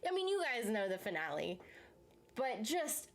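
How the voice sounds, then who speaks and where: A young woman hosting a show, chatting casually about TV series, animated, swearing freely and laughing often. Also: a little high, moderate pace. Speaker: show host reacting to viewer comments. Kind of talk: casual chat.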